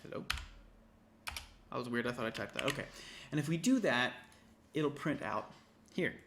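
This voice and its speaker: A man's voice: mid-range voice, lively intonation, normal speed, creaky, fairly bright tone, slight background noise. A man tutoring an intro programming class, casually thinking aloud and correcting himself as he types through a coding walkthrough. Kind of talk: screen-recorded coding walkthrough. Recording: typing and keyboard clicks behind.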